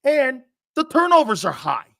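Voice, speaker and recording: A man's voice: very high voice, wildly swooping pitch, measured pace, creaky, pushed and bright, no echo, studio quality. A man hosting a sports talk stream, ranting in a combative, sarcastic way, swearing, repeating his points and answering chat comments. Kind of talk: livestream sports rant.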